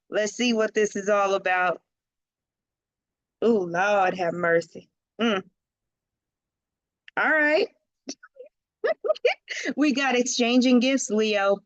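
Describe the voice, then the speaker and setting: Lady doing a chill tarot reading, slow and laid back, laughs a lot, dry sound. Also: mid-range voice, no echo, lo-fi sound. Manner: chatty, laughs often, slangy asides. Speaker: tarot reader.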